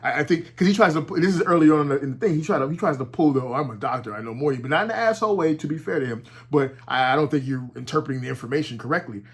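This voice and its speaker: A man giving casual, animated commentary at home, talking with heavy profanity and frequent restarts. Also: a little high, rapid-fire, few pauses, husky. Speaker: commentary vlogger. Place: at home with his dog nearby.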